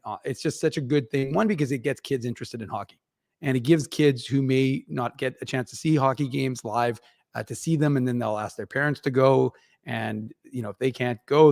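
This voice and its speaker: A chatty man with a gravelly, medium-pitched, darkish voice contributes regularly to a hockey podcast, reporting on the Moose. The recording is dry and studio-clean, and he rambles casually with many fillers and restarts.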